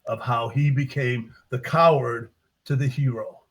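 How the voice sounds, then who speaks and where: A man's voice: medium pitch, a little slow, husky, poor audio. An older man, an author, telling the story of his book in a casual interview, acting out his characters' voices as he goes. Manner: animated, acts out characters' voices while retelling his story.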